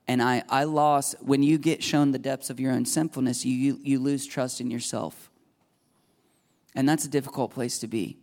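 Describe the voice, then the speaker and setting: A man's voice: medium pitch, fairly even intonation, normal speed, a little mellow. Earnest male pastor preaching a sermon. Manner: earnest, confessional, acts out quoted prayers.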